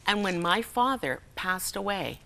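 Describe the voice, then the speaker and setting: A woman's voice: medium pitch, expressive, unhurried, gravelly, bright, forceful tone. A middle-aged woman telling a personal story as a talk show guest, acting out the voices of people in it and often laughing. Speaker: guest speaker and humorist. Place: television studio.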